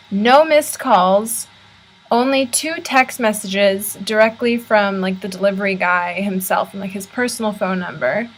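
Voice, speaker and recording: A woman's voice: medium pitch, fairly bright tone, low-quality recording. Chatty American young woman vlogging. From United States. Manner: chatty, exasperated ranting. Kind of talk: casual vlog talk. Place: university room. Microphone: laptop built-in camera mic.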